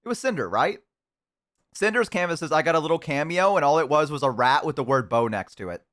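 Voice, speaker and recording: A man with a fairly high, expressive, slightly bright voice talks briskly while streaming and eating. He chats casually with his viewers, rambling and poking fun at himself, with lots of fillers and restarts.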